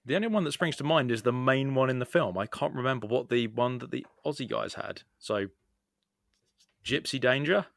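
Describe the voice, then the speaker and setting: A male podcast co-host speaks in laid-back, understated replies. His mid-pitched voice has a gravelly fry and is recorded dry and close. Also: normal speed, no echo. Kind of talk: casual podcast chat.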